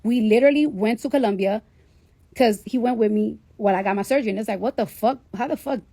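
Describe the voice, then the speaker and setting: A woman's voice: a little high, fast, warm tone, no echo. A woman casually telling a personal story to a live audience, candid and full of swearing. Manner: candid, profanity-laden, chatty. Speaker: livestreamer.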